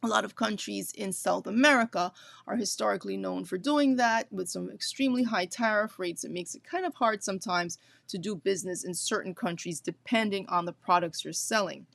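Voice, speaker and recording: A woman's voice: mid-range voice, a little fast, creaky, fairly bright tone, dry recording. A woman hosting an educational business talk, explaining things step by step and stressing key points by repeating them, with light chatty asides.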